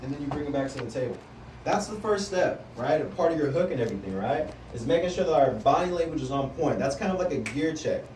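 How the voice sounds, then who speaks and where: An energetic man coaches a group of salespeople in a room, his voice sitting a little higher than most men's. He is heard from some distance, with a roomy echo and a faint hum of the space behind him. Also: fast. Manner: energetic, coaching, often asks the group "right?". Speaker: sales team trainer. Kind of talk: live training talk to a group.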